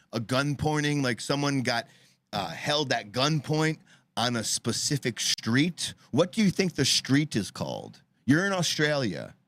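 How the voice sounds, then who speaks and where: A man hosting a casual comedy podcast, talking in loud, profane, animated banter. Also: mid-range voice. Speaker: podcast host.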